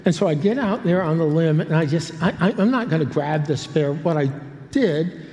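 A man's voice: on the high side, animated, normal speed, warm tone. An older man preaching a sermon, telling a story with many restarts and humorous asides. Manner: rambling, self-interrupting with humorous asides. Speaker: pastor. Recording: long hall reverb.

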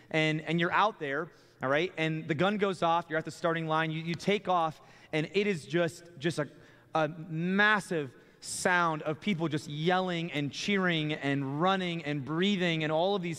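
A young man preaching in a church, with a slightly high voice that rings out in a long reverberant hall. He talks the way he would in conversation and often repeats his first words as he starts a thought. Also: a bit bright. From Texas. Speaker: student ministry pastor. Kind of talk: sermon. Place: church sanctuary.

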